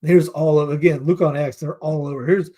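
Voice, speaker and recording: A slightly high, warm voice with fairly even intonation and a brisk pace belongs to this middle-aged news commentary host from North Carolina. Casual and sarcastic, he reads headlines aloud to make fun of them and rambles as he searches for clips.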